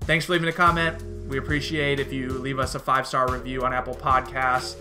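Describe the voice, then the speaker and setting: A man's voice: mid-range voice, little pitch movement, fairly quick, over music. A man with a Chicago accent hosting a casual podcast, talking loosely and upbeat with plenty of fillers. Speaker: podcast host.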